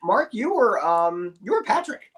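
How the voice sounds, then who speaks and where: A man, a voice actor, telling a lively anecdote on a video call, with many stammering restarts and acted-out quotes. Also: high voice, a little slow, slightly rough. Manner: animated storyteller, stammering restarts, acts out quotes. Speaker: voice actor guest.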